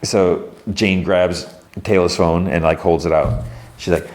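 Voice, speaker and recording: A man's voice: low-pitched, fairly even intonation, measured pace, a little mellow. A man hosting a podcast, casually retelling a TV episode scene by scene and acting out bits of dialogue. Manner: retells scenes loosely, acting out characters' lines. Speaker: podcast host.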